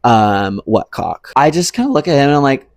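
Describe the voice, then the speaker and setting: Creaky-voiced young man telling a story. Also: mid-range voice, expressive, moderate pace, dry recording. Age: young adult. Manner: rambling, profane, lots of "like" and "um". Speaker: vlogger. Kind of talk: casual storytime monologue.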